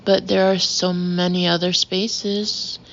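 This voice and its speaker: A woman's voice: fairly low pitch, little pitch movement, takes it slowly, fairly bright tone, highs cut off, a little hiss or hum. A woman reading an audiobook voices a prim, indignant young wife.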